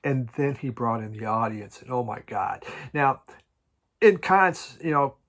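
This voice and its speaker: A man chatting casually about his record collection at home, halting and restarting often and chuckling now and then. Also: medium pitch, expressive, fairly bright tone. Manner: halting, many restarts and repeated words. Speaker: vinyl record collecting vlogger. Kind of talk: casual rambling chat.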